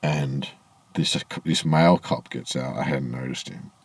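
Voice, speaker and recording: A man's voice: a bass voice, a little slow, gravelly, breathy edge, no room sound. A man telling a rambling, aggrieved story to camera in a casual vlog, swearing freely, outdoors in the evening. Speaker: vlogger. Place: outdoors in low evening light.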